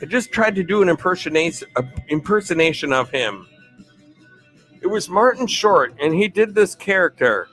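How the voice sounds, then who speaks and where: A man's voice: sits high, sing-song, moderate pace, faint music behind. Upbeat man hosting a live stream. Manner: upbeat, chatty, thanks viewers warmly. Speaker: livestream host.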